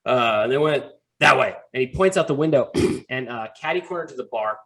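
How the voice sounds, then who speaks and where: A man at a middle pitch runs the table as game master. He narrates loosely and rambles through scenes, full of fillers and restarts. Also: lively intonation, fairly quick, a bit bright.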